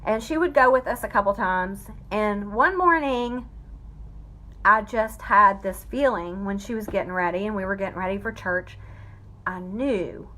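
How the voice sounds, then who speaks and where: A woman's voice: mid-range voice, a little slow, sharp tone. A woman giving an emotional personal testimony, fighting back tears as she speaks. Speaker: vlogger telling a family story.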